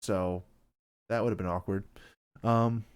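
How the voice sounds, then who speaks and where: A man's voice: fairly low pitch, fairly even intonation, measured pace, smooth. Male podcast host, casual, rambling, dry and self-deprecating.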